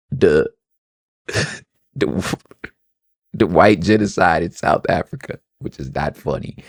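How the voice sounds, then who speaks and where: A man hosting a podcast, giving casual, expressive commentary in a conversational way. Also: rumbling low, no echo, studio quality. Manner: expressive and conversational, slips into playful quoted voices. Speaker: podcast host.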